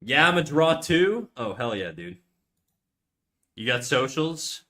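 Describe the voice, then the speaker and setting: A man's voice: medium pitch, sing-song, takes it slowly, sharp tone. Laid-back, foul-mouthed young male streamer. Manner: laid-back, swears a lot, reads chat aloud. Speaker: live-stream artist. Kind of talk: casual live-stream chat while drawing. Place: his apartment, untreated room. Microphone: USB condenser desk mic.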